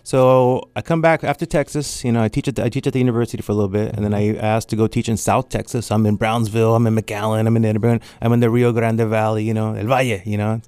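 A man in his forties from Mexico, raised in California, telling his life story as an interview guest in a rambling, animated way with many restarts. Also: medium pitch, clear, resonant tone, dry recording. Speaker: artist and educator guest.

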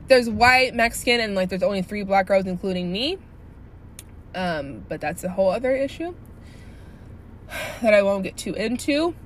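A woman in her early twenties telling a workplace story in a casual, animated rant, blunt and profane with lots of "like" fillers. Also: mid-range voice, a little hiss or hum. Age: early 20s. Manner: indignant and blunt.

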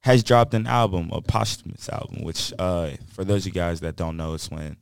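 Young guy, very low gravelly voice, dry, jokey. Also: moderate pace, no echo. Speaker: student co-host.

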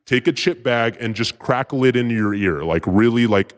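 A man telling a story as a podcast guest, rambling and profane, with excited bursts. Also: mid-range voice, normal speed. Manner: profane, rambling, with filler words; excited bursts when retelling action. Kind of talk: casual storytelling.

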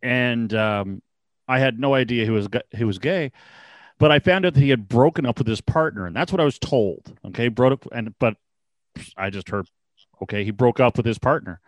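A man's voice: medium pitch, moderate pace, dry recording. A man in his forties telling rambling stories in a casual chat, often laughing. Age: 40s.

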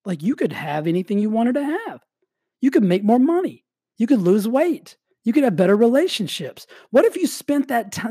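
An energetic man delivers a motivational talk in a casual, rambling way, with "like" dropped through his sentences. His voice is dark and mellow, recorded dry and close, with a slight cough in the background of his health. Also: high-pitched, dry recording. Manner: energetic, casual, heavy use of "like". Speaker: motivational speaker. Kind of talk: motivational monologue.

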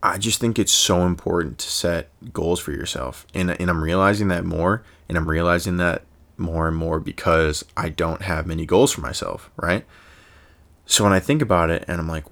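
A man's voice: deep voice, a bit bright. A young man hosting a casual solo podcast, thinking aloud in a rambling way with fillers and restarts. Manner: chuckles often and slips into quick impressions. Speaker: podcast host.

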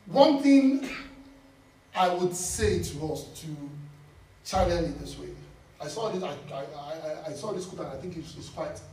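A man's voice: a little high, a little slow, long pauses, a little hiss or hum. A man preaching a sermon in a church, repeating key lines for emphasis and laughing as he talks. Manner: animated, repeats phrases for emphasis, laughs while speaking. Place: church hall. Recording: echoey church from a distant mic.

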